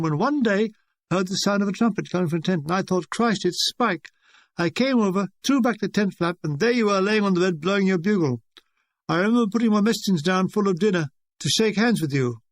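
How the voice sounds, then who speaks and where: A man's voice: sits high, fast talker, dry recording. A man voicing a shaken young bombardier who talks in a tense, plaintive rush. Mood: aggrieved.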